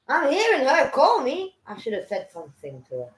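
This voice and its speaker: A woman telling a story in casual chat, animated and profane, acting out what people said. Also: high-pitched, moderate pace, slight background noise. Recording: echoey room.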